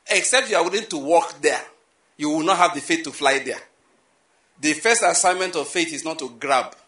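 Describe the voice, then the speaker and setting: A man preaching a sermon, animated and repetitive, full of rhetorical questions. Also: a little high, roomy sound. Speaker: pastor.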